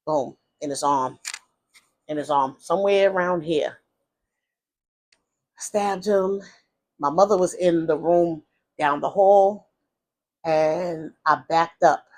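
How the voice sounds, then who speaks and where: A woman tells a personal story in a casual vlog, rambling through fillers and restarts and jumping into high voices when she quotes people. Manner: animated retelling, acting out quoted voices in a high pitch. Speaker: vlogger telling her life story.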